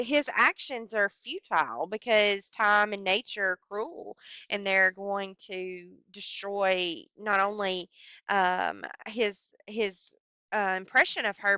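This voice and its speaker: A woman explaining a poem in a screencast lecture, speaking slowly and haltingly with many fillers. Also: mid-range voice, pushed and bright, clean tone, no room sound. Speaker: teacher.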